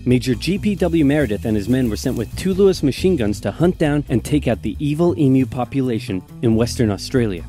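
A man giving wry, comic scripted history narration, with deadpan asides. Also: medium pitch, a little fast, hardly any pauses, faint music behind.

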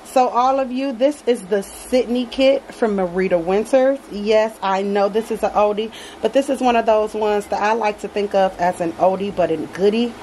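A woman's voice: medium pitch, normal speed, hardly any pauses, dark tone, slight background noise, low-quality recording. Gushing woman unboxing a doll at home. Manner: gushing, affectionate, addresses viewers as y'all. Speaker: reborn doll collector vlogger. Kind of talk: casual unboxing chat. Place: dim home nursery.

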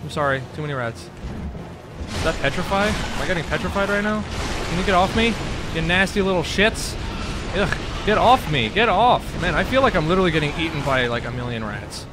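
A young man doing let's play commentary, excitable and sarcastic, trash-talking enemies and swearing. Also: on the high side, a little fast, music in the background. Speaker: gaming video host. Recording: noisy background.

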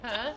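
A woman's voice: extremely high pitch, sharp tone. A woman streaming a game with friends, swearing, laughing and putting on a jokey Australian accent. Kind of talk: casual gaming stream chat.

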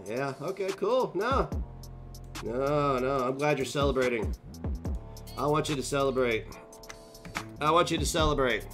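A man's voice: mid-range voice, expressive, a little slow, pauses often, over music. A male live streamer delivering a profane, confrontational rant full of taunts. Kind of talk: livestream rant.

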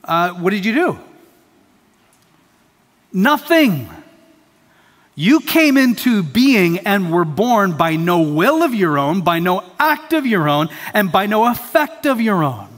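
A man's voice: high voice, big pitch swings, unhurried, few pauses. Emphatic preaching man in a reverberant hall. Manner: emphatic preaching, repeats key phrases. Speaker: pastor. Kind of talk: sermon. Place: church sanctuary.

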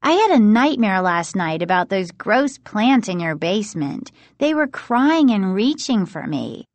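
A woman's voice: medium pitch, sing-song, unhurried, no room sound. A woman voicing a blunt, gossipy preteen girl friend in an audiobook reading. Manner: blunt, confiding.

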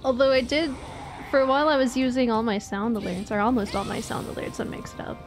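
A woman's voice: fairly high pitch, brisk, faint music behind. A woman from Atlantic Canada chatting casually with her live-stream viewers, swearing and laughing often. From Maritimes, Atlantic Canada.

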